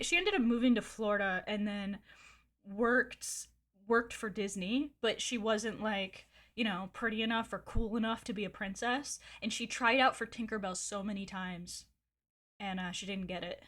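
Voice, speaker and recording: A woman's voice: medium pitch, normal speed, fairly bright tone. A woman streamer chatting casually, telling a gossipy story candidly with frequent swearing and laughs. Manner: rambling with fillers and laughs. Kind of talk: casual chat.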